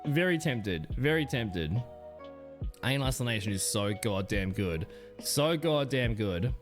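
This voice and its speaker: A young man live-streaming, bantering and joking with his chat, his pitch jumping up and down as he teases viewers. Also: animated, measured pace, over music.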